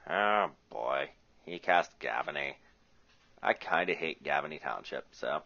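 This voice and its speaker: With an extremely low, creaky, sharp-toned voice at a moderate pace, this man from the US Rust Belt narrates his own Magic game in a joking, chatty way, talking his moves through. It's captured on a muffled lo-fi recording.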